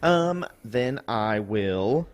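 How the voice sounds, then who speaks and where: A man takes his turn at a tabletop game, speaking in an ordinary mid-range voice. He talks in a halting way and hesitates often. He fills his pauses as he thinks through each move. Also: medium pitch, animated. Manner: hesitant, halting, many fillers. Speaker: player.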